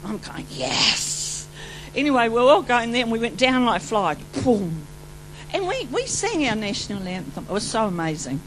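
A woman preacher gives an excited, rambling testimony sermon. Her voice sits high and swings from loud exclamations to hushed asides. A faint hum runs underneath. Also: brisk, low-quality recording. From New Zealand.

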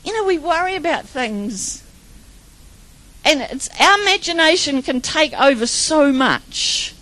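A woman's voice: high voice, lively intonation, unhurried, pushed and bright, dry recording, rough recording. A middle-aged woman giving an informal sermon full of personal stories, chatty and rambling, often laughing. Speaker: preacher.

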